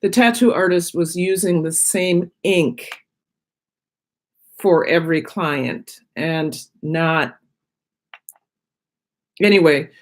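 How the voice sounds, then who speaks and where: A woman's voice: fairly low pitch, takes it slowly, pauses often. A middle-aged woman chatting casually on her own live stream, rambling from one thought to the next while she eats. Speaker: vlogger on her own channel.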